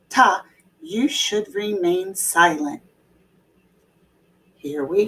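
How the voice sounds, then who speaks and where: Slow, lively-voiced woman music teacher. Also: mid-range voice, low-quality recording. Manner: patient, chants rhythm syllables; sings out rhythms, playful game calls. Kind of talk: online classroom lesson.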